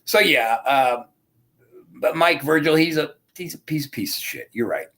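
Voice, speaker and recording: A man with a higher voice hosts a podcast, blunt and profane with a joking edge. He is a little under the weather, and his talk is loose and casual. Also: unhurried, fairly bright tone. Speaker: podcast host. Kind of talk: casual chat.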